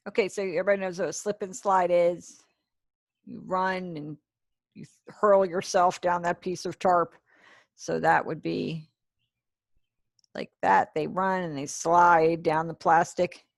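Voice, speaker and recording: A woman's voice: fairly low pitch, steady tone, measured pace, gravelly, no room sound, studio quality. A woman teaching a sign language class over a video call, chatty and encouraging, praising students as she goes. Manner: chatty asides to herself. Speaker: ASL teacher.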